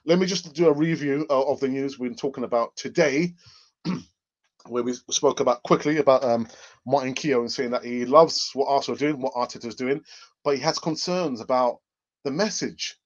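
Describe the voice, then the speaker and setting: A man's voice: mid-range voice, moderate pace, lo-fi sound. A man hosting a live football fan stream, talking casually and rambling, with exclamations and restarts. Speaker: football channel host.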